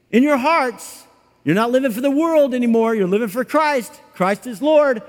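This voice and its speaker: A man preaching a sermon as a pastor, in a conversational, animated way, acting out little quoted exchanges. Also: high voice. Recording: long hall reverb.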